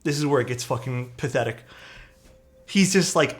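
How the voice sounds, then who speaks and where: A man streaming live, chatting casually and telling a story in a loose, profane, animated way. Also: mid-range voice, moderate pace. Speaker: streamer building keyboards. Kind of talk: casual livestream chat and storytelling.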